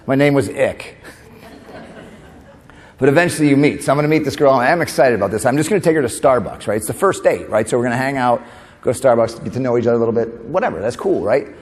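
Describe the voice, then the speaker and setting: Man from New York, mid-pitched voice, lively stand-up keynote with quick asides; captured on a hall stage with long reverb. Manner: animated, quick asides, laughing at his own jokes. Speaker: comedian and motivational speaker.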